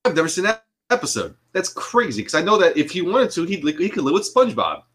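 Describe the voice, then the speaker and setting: A man's voice: high-pitched, huge pitch swings, fast, a bit bright, a little hiss or hum. A man co-hosting a podcast, chatting casually and asking questions. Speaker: podcast co-host. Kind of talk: casual chat.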